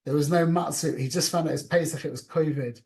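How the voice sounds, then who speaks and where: Over a call, a man with a fairly high voice teaches an informal class a little fast, animated and conversational. He often restarts sentences and sprinkles in Yiddish and Hebrew words.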